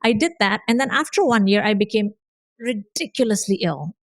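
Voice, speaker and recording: A woman's voice: mid-range voice, expressive, normal speed, no echo, clean studio sound. A woman from Indonesia, a podcast guest, telling her life story in earnest conversation and repeating phrases for emphasis.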